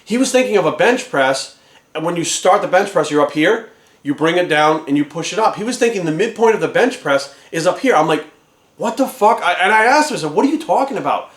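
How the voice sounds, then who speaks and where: A fitness trainer ranting angrily at the camera, swearing constantly and sounding exasperated. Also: male voice, fairly high pitch, expressive, a little fast, a bit bright. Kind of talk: profane ranting vlog. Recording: echoey room.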